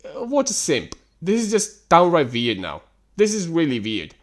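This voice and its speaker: A man's voice: a little high, wildly swooping pitch, moderate pace. A man hosting a reaction commentary, ranting in an exasperated, sarcastic and profane way. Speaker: host reacting to text screenshots.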